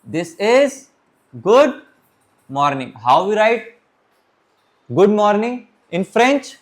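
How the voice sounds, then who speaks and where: A man teaches a beginners' French lesson in a high, light voice. He talks in a loose classroom way, restarts his sentences, and keeps calling out "okay, my friends" to his students. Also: big pitch swings. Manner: repeats "okay, my friends", restarts and pauses while writing. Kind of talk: classroom lecture.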